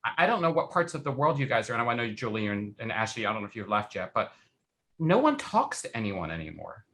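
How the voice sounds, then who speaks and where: Earnest bright-voiced man. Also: lowish voice, sing-song, fast. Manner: earnest, reflective storyteller. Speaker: podcast co-host. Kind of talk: casual video-call conversation.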